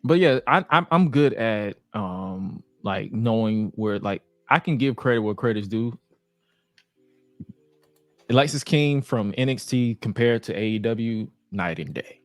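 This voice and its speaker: A chatty man talking casually as a guest, tripping over his words and laughing often. His pitch swoops widely as he speaks, and the sound is dry and close. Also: lively intonation, unhurried, no echo. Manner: chatty, stumbling restarts, laughs a lot. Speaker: podcast guest. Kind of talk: casual chat.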